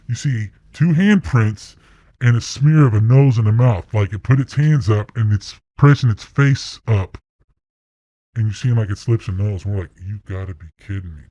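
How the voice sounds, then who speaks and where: A man casually telling a first-person story, animated and profane, acting out sounds. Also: medium pitch, moderate pace, dry recording.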